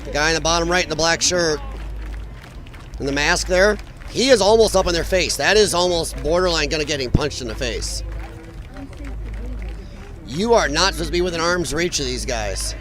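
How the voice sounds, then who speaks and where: A man's voice: a little high, normal speed, pauses often. A man hosting a live stream, commenting on protest footage in a blunt, mocking and profane way, rambling with frequent restarts. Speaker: livestream commentator.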